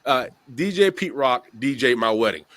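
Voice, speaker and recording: A man's voice: mid-range voice, moderate pace, dry recording. A man from the Bronx hosting a podcast, telling a long story casually and acting out the voices of people in it. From the Bronx, New York. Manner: animated, acts out voices in his stories, laughs often. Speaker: podcast host.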